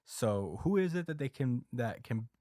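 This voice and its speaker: A man hosting a podcast, casually recapping a story with lots of fillers and quick acted quotes. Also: medium pitch, animated, dark tone, no room sound, studio quality. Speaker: podcast host recapping a manga chapter. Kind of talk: casual chat.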